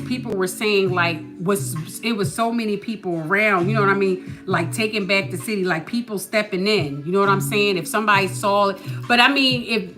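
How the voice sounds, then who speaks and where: A woman hosting a podcast, telling a story in a casual, animated way and asking "you know what I mean" often. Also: mid-range voice. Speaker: podcast host.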